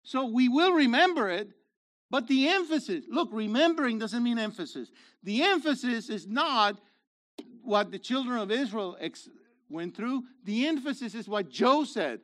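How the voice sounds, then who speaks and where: Animated high-voiced male preacher. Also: normal speed. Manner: animated, rhetorical questions to congregation, rises to emphatic shouts. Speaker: messianic congregation leader. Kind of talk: sermon.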